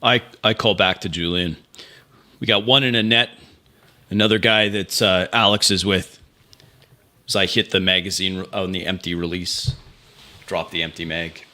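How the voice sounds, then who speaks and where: A man's voice: deep voice, fairly even intonation, moderate pace, pauses often, pushed and bright. A man playing in a tabletop game, describing his character's moves in first person. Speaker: player.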